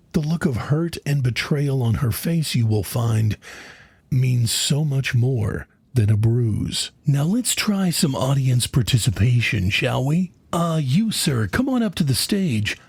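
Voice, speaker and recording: Man, satirical mock lecture, preachy, profane, raspy, dry sound. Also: medium pitch, darkish tone, no room sound. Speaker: comedian, mock speaker. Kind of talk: satirical mock TED talk.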